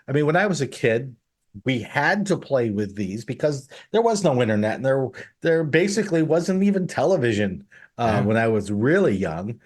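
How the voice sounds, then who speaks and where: A man hosting a tabletop gaming podcast, chatting casually and getting animated when incredulous. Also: mid-range voice, moderate pace. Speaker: podcast host.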